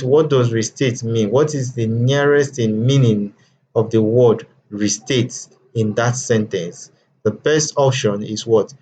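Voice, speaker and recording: A man's voice: mid-range voice, darkish tone, highs cut off. Guy teaching exam prep, asks himself questions and answers them, faint hiss behind. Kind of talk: explaining a screen lesson.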